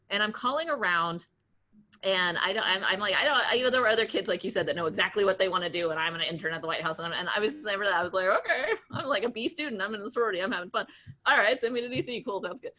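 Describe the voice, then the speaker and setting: Bright, chatty woman telling stories. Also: fairly low pitch. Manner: animated, chatty, laughs often, many restarts and fillers. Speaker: guest entrepreneur. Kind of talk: casual interview storytelling.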